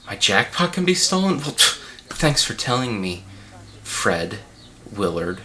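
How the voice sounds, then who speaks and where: Man doing a pompous sick director, bright voice, rambling, panicky, self-important, comedy commentary. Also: lowish voice, big pitch swings, measured pace, a little hiss or hum, exaggerated voice. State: unwell and dizzy. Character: unwell pompous male art-film director, rambling. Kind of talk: improvised comedy commentary track.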